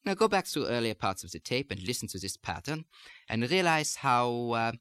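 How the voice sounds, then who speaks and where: A dialect coach, a man, talks through an accent lesson in a put-on German accent. His pitch moves lively around a mid-level voice, and the recording is close and dry. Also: normal speed, smooth, no room sound. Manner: precise, explanatory teaching delivery.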